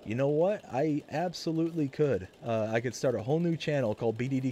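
A man's voice: medium pitch, expressive, fairly quick, hardly any pauses, mellow, slight background noise. A man in his thirties chatting casually on a live stream, rambling with lots of fillers and restarts.

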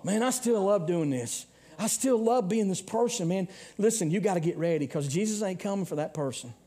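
A man in his forties with a Southern US accent preaching a sermon as pastor, swinging between hushed warnings and loud calls. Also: high-pitched, animated, a little fast.

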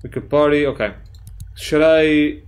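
Male gaming YouTuber, slightly high voice, jokey and profane let's play commentary. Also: measured pace. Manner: excitable, swears a lot, jokey; reads chat messages aloud in playful voices.

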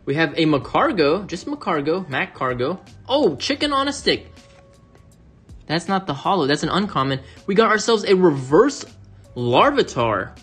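A man's voice: a little high, expressive, normal speed, a bit bright, husky, soft background music. Chatty man opening card packs. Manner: chatty, addresses viewers as "you guys"; gushing exclamations. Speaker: card-opening channel host. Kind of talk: casual unboxing commentary.

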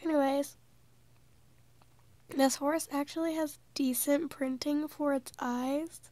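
A woman's voice: sits high, steady tone, takes it slowly, mellow, no echo. A teenage girl with a congested, sick voice, casually chatting through a toy unboxing vlog. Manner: chatty, giggly, amused. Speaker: vlogger.

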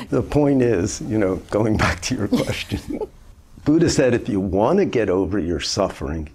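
Older man in his 70s, Zen teacher; husky, animated delivery, conversational and lightly humorous. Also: mid-range voice. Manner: conversational, gently humorous storytelling. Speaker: Zen master. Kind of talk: informal dharma talk answering a question.

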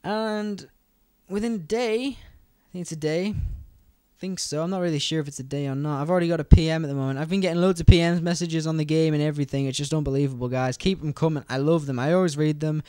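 Young British male gaming commentator, fast and rambling, smooth slightly high voice, dry close mic. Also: darkish tone, dry recording. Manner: fast, rambling, chatty, addresses viewers directly. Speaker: gaming YouTuber. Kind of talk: gameplay commentary.

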